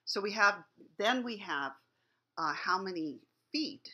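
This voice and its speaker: A woman's voice: medium pitch, animated, takes it slowly, pushed and bright, husky, muffled recording. A woman teacher giving a lecture on poetry, explaining things patiently and thinking aloud as she goes.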